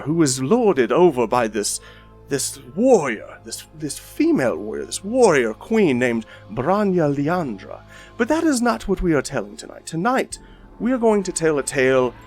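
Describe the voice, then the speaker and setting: A man's voice: on the high side, sing-song, moderate pace, darkish tone, soft background music, pitched above the performer's own voice. A man voicing a showy male magician storyteller who speaks in flowery, dramatic showman phrases. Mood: ominous.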